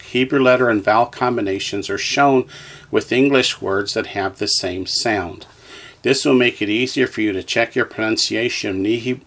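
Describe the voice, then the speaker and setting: A man's voice: fairly low pitch, fairly bright tone. A man teaching a beginner Hebrew lesson, reading from a textbook and naming each letter patiently for listeners to repeat.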